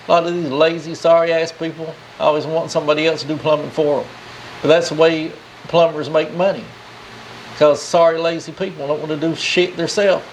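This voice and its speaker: A man's voice: a little high, fairly even intonation, brisk, slight background noise. A man hosting a tool review channel, talking in a casual, rambling, crude joking way.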